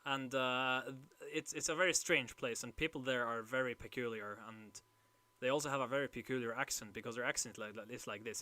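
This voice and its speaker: A man's voice: medium pitch, fairly quick, bright, forceful tone, no echo. A young man, chatting casually on a livestream, hesitant and rambling with many fillers. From Norway. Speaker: livestream host.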